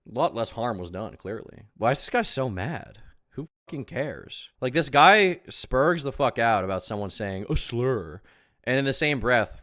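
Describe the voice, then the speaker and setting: A man's voice: lowish voice, fairly bright tone. A man streaming live reaction commentary on a video, talking in a sarcastic, crude and mocking way.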